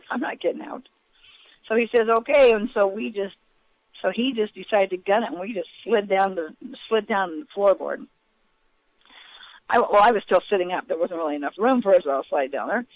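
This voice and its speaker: A woman recounting events as an interview guest, in a halting way with many fillers and restarts. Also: mid-range voice. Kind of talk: eyewitness account in a radio interview. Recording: dull, lo-fi radio audio.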